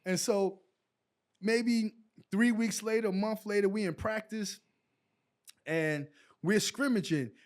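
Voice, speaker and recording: A man with a very high voice tells a story as an interview guest. He talks in an animated way and acts out the other people's lines himself. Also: slow pace, long pauses. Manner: animated storyteller acting out quotes. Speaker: guest, former basketball player.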